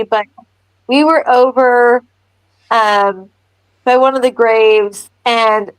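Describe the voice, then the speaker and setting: A woman's voice: on the high side, no room sound, poor audio. A woman co-hosting a live podcast, telling stories and laughing a lot. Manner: giggly storyteller, laughs a lot. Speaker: podcast co-host. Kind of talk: casual chat on a live stream.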